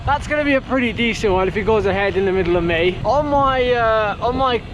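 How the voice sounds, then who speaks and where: A man's voice: sits high, animated, brisk, lo-fi sound, background noise. A man chatting casually to a handheld camera outdoors during a long bike ride, rambling with plenty of fillers. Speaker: cyclist vlogger.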